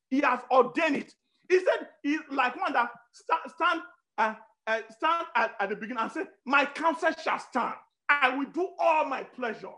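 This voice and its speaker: In this sermon, the preacher hammers home repeated words and phrases, his voice lurching abruptly in pitch and loudness.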